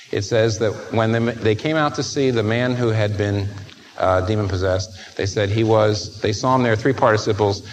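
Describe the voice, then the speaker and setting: A man preaching a sermon, animated, moving from soft asides to emphatic peaks and acting out the voices he quotes. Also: lowish voice, a little hiss or hum, poor audio.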